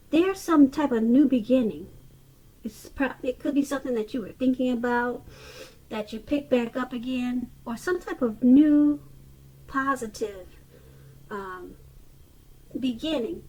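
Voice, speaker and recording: A woman's voice: high voice, a little mellow, rough recording. A woman giving a casual tarot reading, chatty and loose, often restarting sentences and saying "okay". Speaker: tarot reader.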